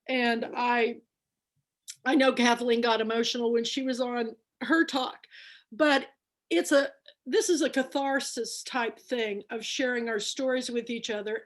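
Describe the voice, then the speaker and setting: A woman from Kansas hosting a book club on a video call, chatty and emotional, retelling conversations. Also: high voice. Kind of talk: casual chat on video call.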